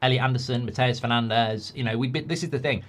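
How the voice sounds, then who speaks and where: Male fan-channel host, mid-pitched voice, rants with sarcasm and rhetorical questions. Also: fairly even intonation, quick pace. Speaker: football fan commentator. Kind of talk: ranting fan commentary.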